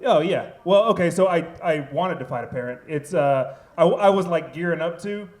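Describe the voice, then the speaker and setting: A man's voice: fairly high pitch, moderate pace, a little mellow. A man who taught school, telling a self-mocking story on a live comedy panel. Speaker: teacher turned comedian. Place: live venue. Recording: roomy live venue sound.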